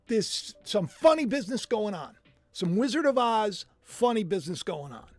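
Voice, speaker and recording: A man hosting a live stream, reacting to news clips in a mocking, animated way and humming as he thinks aloud. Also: sits high, no echo. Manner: animated and mocking, muses aloud with drawn-out hums. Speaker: livestream host.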